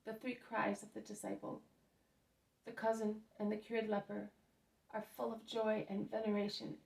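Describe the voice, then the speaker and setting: A woman reading a devotional book aloud as narrator, in a steady reading manner. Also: medium pitch, moderate pace, gravelly. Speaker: reader. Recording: roomy echo, mic at a distance.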